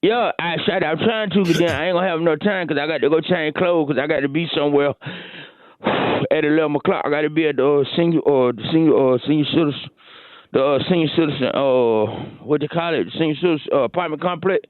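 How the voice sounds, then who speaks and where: A man's voice: on the high side, a little fast, dry recording, pitched below the performer's own voice, lightly acted. A man putting on a slangy gym guy, out of breath, fumbling words, dull lo-fi sound, dry. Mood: excuse-making. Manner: slangy, stumbling, rambling. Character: swaggering young man skipping work for the gym.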